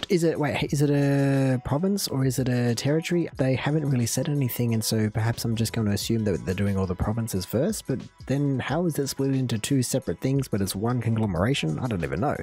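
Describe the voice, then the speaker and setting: Fast-talking Australian man reacting. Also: mid-range voice, expressive, darkish tone, faint music behind. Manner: rambling, thinking aloud, quick asides. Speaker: reaction video host. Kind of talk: casual reaction commentary.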